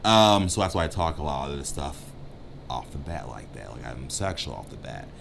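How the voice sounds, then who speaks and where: A man co-hosting a dating advice chat, joking and talking without a filter, swinging between loud bursts and muttered asides. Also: a bass voice, lively intonation, moderate pace, creaky, faint music behind. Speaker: co-host giving dating advice. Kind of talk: casual uncensored chat.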